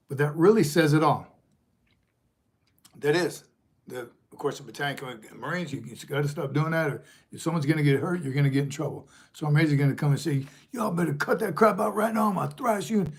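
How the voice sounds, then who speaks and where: With a fairly high, slightly mellow and somewhat rough voice, a middle-aged retired Marine sergeant major rambles through a casual livestream, reading viewers' comments out loud.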